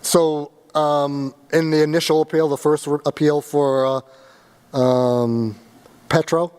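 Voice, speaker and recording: A man chairing a city health board meeting, halting and hedging as he speaks. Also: a little high, fairly even intonation, a little mellow, clear, resonant tone, big-room sound. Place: city council chamber.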